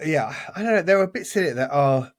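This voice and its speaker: A man's voice: on the high side, lively intonation, a little fast, no echo, studio quality. A man co-hosting a casual podcast, talking enthusiastically and rambling with restarts. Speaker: podcast co-host.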